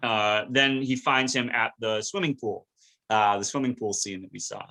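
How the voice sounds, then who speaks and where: Bright-voiced man animatedly retelling scenes. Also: on the low side, moderate pace. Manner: animated storytelling, recounting scenes. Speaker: podcast host. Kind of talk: casual podcast recap.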